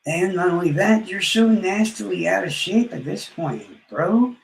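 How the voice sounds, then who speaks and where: A man's voice: high-pitched, lively intonation, unhurried, creaky, echoey room, slight background noise, poor audio. A man trash-talking rivals on a live stream, boastful and profane, his words often trailing off into mumbles. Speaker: livestreamer.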